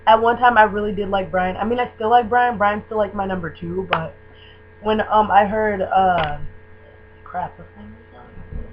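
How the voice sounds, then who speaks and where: A woman's voice: medium pitch, normal speed. Gushing young woman on lo-fi webcam audio. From Michigan. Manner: gushing, excitable, filler-heavy fan talk. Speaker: vlogger. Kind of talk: casual fan tag video. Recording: dull lo-fi webcam audio with faint hum.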